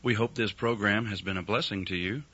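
Low-voiced radio announcer, bright tone. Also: male voice, fairly even intonation, fairly quick, slightly rough. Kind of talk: scripted program outro. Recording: dull lo-fi radio broadcast.

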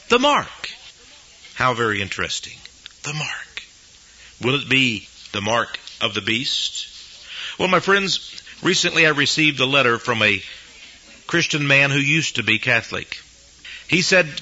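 A man's voice: mid-range voice, sharp tone, breathy edge, dull audio. A man preaching a sermon, emphatic, with his voice rising sharply whenever he quotes someone.

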